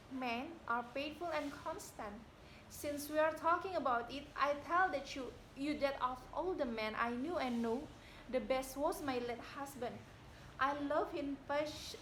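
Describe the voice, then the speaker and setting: A proud, quick-tempered young widow, played by a young woman, delivers her lines in a high, bright voice. She declaims and swells into sharp, indignant outbursts. The room around her rings with echo. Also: slight background noise. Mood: bitter grief. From Indonesia. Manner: declamatory, rising to indignant shouting. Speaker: student actor. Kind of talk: amateur stage drama reading. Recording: echoey room.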